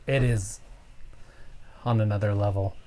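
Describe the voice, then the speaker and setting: A man's voice: lowish voice, steady tone, a little slow, dark tone, a little hiss or hum. A man co-hosting a live stream in casual chat, joking and teasing his co-host.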